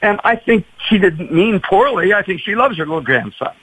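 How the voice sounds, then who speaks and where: A man speaks as a pastor guest on a radio show, telling stories and acting out the quotes. His voice sits high and swings widely in pitch. It has a husky edge. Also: moderate pace, poor audio. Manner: animated, acts out quoted voices. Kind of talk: storytelling on a radio talk show.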